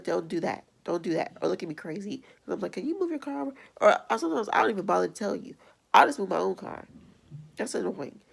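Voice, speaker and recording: A woman's voice: fairly low pitch, creaky, husky. A young adult woman vlogger ranting bluntly and with exasperation in a casual video. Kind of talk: casual vlog rant.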